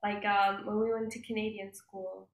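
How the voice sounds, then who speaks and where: A woman's voice: mid-range voice, little pitch movement, normal speed, music in the background. Giggly young woman, distant and echoey. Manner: giggly, self-conscious. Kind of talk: casual chat. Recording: echoey, distant, faint background noise.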